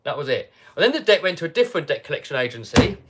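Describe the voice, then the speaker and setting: A British man hosting a livestream, telling a story casually and animatedly, dropping to mutters and rising to loud outbursts. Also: fairly high pitch, very animated, racing, husky. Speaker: livestream host.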